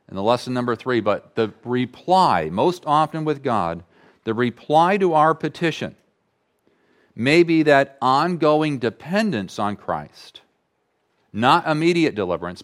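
A man preaching a sermon as pastor, slow and deliberate, repeating key phrases for emphasis. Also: medium pitch.

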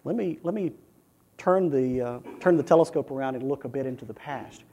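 A male pastor preaching a sermon, chanting repeated phrases with building intensity and dropping to a hush, speaking earnestly and directly to his listeners. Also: mid-range voice, brisk.

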